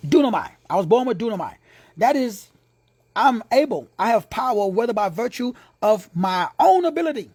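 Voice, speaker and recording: High, lively, husky Texan preacher. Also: male voice, normal speed, no echo. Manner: playful and slangy, dropping into hushed whispers for asides. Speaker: preacher and teacher. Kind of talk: informal sermon teaching.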